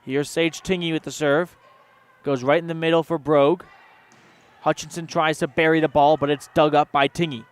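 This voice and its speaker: A man calls a volleyball match for local radio, his voice smooth and clear. He pitches a little high and reels off the action in quick play-by-play, weaving sponsor names into the calls. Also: fairly even intonation. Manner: rapid play-by-play with sponsor mentions. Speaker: play-by-play announcer. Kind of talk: local radio sports commentary.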